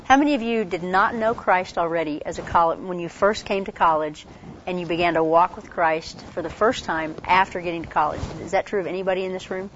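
A woman with a congested voice giving a casual workshop talk on campus ministry, chatty and quick, full of fillers and restarts. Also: fairly low pitch, a little hiss or hum. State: congested from a cold. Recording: dull lo-fi recording.

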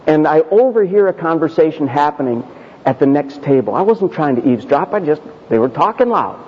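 A male pastor telling a personal story in a sermon, conversational and self-deprecating, slowing down for emphasis. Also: a little high, big pitch swings, breathy edge. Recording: dull audio with long hall reverb.

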